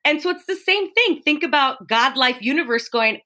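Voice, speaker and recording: A woman with a bright, clear voice tells an animated story in a casual chat. Her pitch jumps around a lot as she acts out little quotes. She talks like a spin class instructor sharing a lesson. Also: moderate pace.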